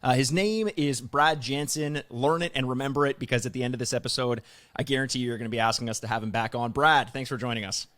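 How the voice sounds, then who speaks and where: A man's voice: medium pitch, quick pace, a bit bright. A young man hosting a podcast, introducing a guest in a chatty, teasing way. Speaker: podcast host.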